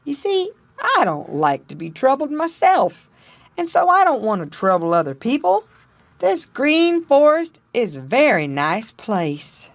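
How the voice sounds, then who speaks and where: A woman voicing a friendly, easygoing male beaver in a storybook, speaking in a relaxed, kindly way. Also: on the high side, measured pace, dry recording, pitched above the performer's own voice.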